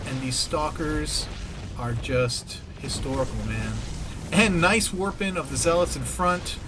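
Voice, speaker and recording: A man's voice: fairly high pitch, noisy background. A man giving casual play-by-play commentary on a strategy game, often pleading with the players. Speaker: game caster.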